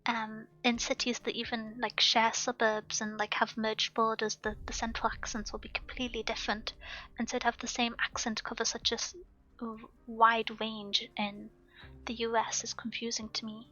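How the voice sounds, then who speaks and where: Bright high British woman streamer. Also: level tone, normal speed. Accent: near-standard British with a Welsh lilt. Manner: musing, thoughtful, talks with many asides. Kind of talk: casual chat on a live stream. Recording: dull lo-fi stream audio with faint music.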